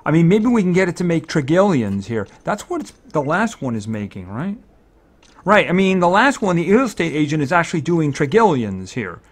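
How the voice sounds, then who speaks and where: Guy doing let's-play commentary, kinda high voice, super lively, worries out loud about money. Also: moderate pace. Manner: thinks aloud, excitable, fretting over spending. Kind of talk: casual gameplay commentary.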